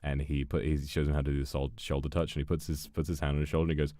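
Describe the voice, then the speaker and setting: A man's voice: a bass voice, fast, few pauses, warm tone, dry recording, studio quality. A male streamer chatting casually during a game, playful and flirty as he thanks donors. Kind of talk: casual gaming stream chat.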